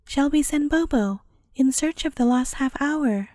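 A woman's voice: high-pitched, measured pace, darkish tone, dry recording, studio quality. A woman doing a merry young princess. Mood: amused.

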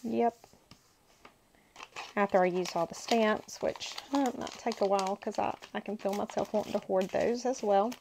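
A woman's voice: mid-range voice, normal speed, darkish tone, a little hiss or hum, rough recording. A woman hosting a crafting channel, chatting casually and gushing to herself as she unboxes paper supplies. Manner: gushing, talks to herself while handling paper.

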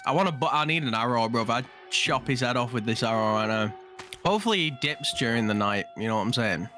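A man's voice: medium pitch, lively intonation, quick pace, sharp tone, faint music behind. A young man, chatting and joking through a game as a gaming YouTuber, often asking "you know what I mean". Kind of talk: casual gaming commentary.

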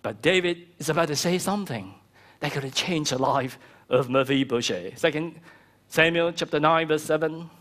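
A middle-aged man preaching a sermon as pastor, animated, acting out quoted voices. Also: on the high side, moderate pace. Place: church hall.

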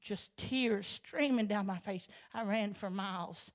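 A woman from Arkansas, telling her life story as a church sermon, storytelling that swells into loud, passionate preaching. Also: mid-range voice, a little slow. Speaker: guest speaker giving testimony. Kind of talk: Pentecostal sermon testimony. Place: church sanctuary.

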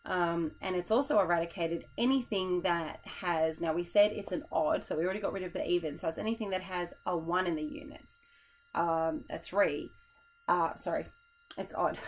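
Brief: tired woman teacher, chatty, lowish voice, acts out kids. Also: normal speed, rough recording. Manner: chatty, demonstrates classroom voices, laughs at herself. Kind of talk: teacher explaining a classroom method.

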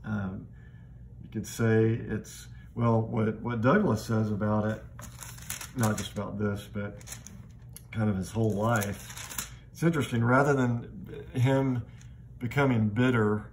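A man with a fairly low voice gives a literature lecture. He is reflective and thinks aloud, restarting his phrases often. Faint noise sits under the recording. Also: level tone, slow. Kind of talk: classroom lecture.

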